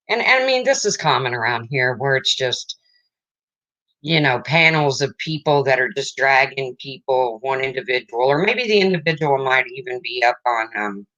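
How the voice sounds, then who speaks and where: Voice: medium pitch, sharp tone, muffled recording. A livestream host in casual chat, rambling and breaking off to greet viewers, emotional and close to tears.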